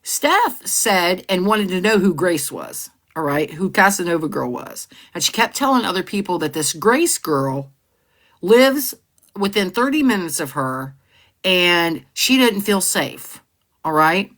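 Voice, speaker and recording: A woman hosting a casual live stream, reading out old text messages and often clearing her throat. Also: on the low side, very animated, unhurried, fairly bright tone. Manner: conversational, often clears throat, repeats herself. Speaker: livestream host.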